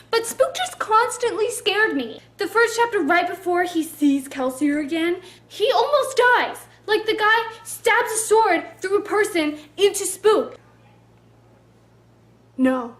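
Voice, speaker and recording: A woman's voice: extremely high pitch, animated, unhurried, a bit bright. A woman reviewing a book in a casual vlog, gushing and chatty with lots of "like" fillers.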